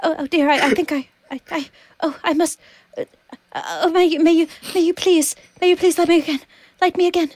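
A woman's voice: extremely high pitch, a little fast, darkish tone, pitched above the performer's own voice. A woman voicing a frail candle about to burn out, fretful and stammering as she pleads. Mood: pleading.

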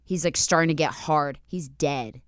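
A young woman hosting a podcast, telling a story in an animated way with frequent laughter. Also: sits low, moderate pace, no echo, clean studio sound. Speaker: podcast host. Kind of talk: casual chat, storytelling.

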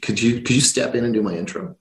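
A man's voice: medium pitch, fast talker, vocal fry, reverberant. A man from Ireland with a faint Irish accent, a company head being interviewed. He talks in an easygoing, friendly way, with frequent restarts. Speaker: company CEO, guest. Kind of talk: casual interview chat.

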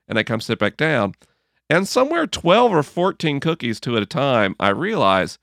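A man being interviewed about his book, telling stories in an earnest, gently humorous way and acting out his own inner dialogue. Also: medium pitch, sing-song, fairly quick, vocal fry, dry recording, studio quality. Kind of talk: reflective conversational storytelling.

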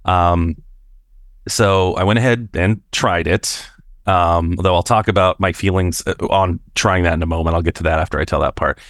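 A man from Washington State with a low voice, calling in to tell a story in a loose, chatty way and stumbling over his words as he goes. His voice sounds close and dry. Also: fairly even intonation, normal speed, fairly bright tone, dry recording. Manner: chatty, many fillers and restarts. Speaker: caller. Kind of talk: casual storytelling.

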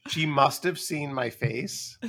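A man co-hosting a podcast, telling a story in halting, repeated starts with wry deadpan humor. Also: on the high side, creaky. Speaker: podcast co-host. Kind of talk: casual chat.

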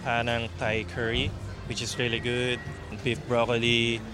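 A man, giving quiet, mumbled, short answers in an interview. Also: medium pitch, monotone, measured pace, music in the background. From Philippines. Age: 20s. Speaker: interviewee, chef.

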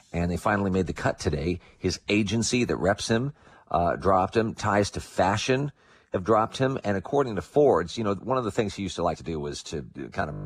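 A man working as a news correspondent, reporting live over the phone in a conversational, halting way with fillers and repeats. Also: low-pitched, vocal fry, slight background noise. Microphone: telephone. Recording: tinny phone line.

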